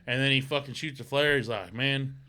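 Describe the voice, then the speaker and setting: Animated profane man telling a story. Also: medium pitch, fairly quick, a little hiss or hum. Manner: animated storyteller acting out quoted voices. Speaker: podcast host. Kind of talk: casual profane storytelling chat.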